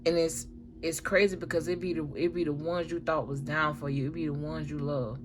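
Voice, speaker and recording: A woman's voice: sits low, little pitch movement, fairly quick, background noise. A woman giving a casual tarot reading, talking in a slangy, emphatic way and swearing freely. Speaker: tarot reader.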